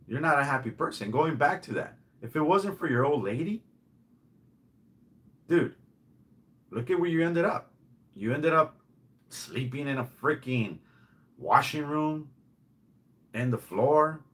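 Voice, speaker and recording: A man's voice: a little high, expressive, a little slow, pauses often, a bit bright. A middle-aged man delivering an angry, mocking rant to the camera, swearing and repeating himself. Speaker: channel host.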